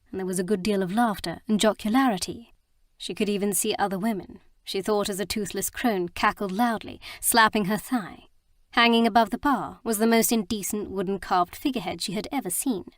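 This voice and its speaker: A woman narrating a romance audiobook with a steady storytelling delivery. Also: mid-range voice, dry recording, studio quality.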